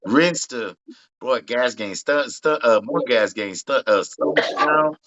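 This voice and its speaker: A man co-hosting a casual show, excitable and profane, talking over his partner. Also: mid-range voice, slow. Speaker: co-host. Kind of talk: casual podcast banter. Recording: dull lo-fi sound.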